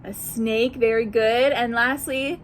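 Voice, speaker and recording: A woman who is a children's librarian, reading a picture book aloud at storytime and quizzing young listeners in an animated, sing-song way. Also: fairly high pitch, takes it slowly, slight background noise.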